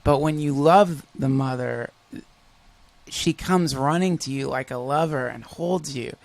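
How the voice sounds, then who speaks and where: A man hosting a podcast, chatting casually and telling stories in an animated, profane way. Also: medium pitch, a little slow, creaky, dry recording. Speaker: podcast host. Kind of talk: casual conversation.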